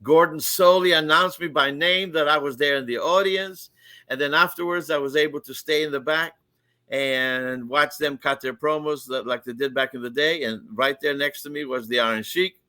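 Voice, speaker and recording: Bright-voiced man with a dry sound. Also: on the high side, normal speed, dry recording. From Greek heritage. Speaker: podcast co-host. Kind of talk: casual storytelling.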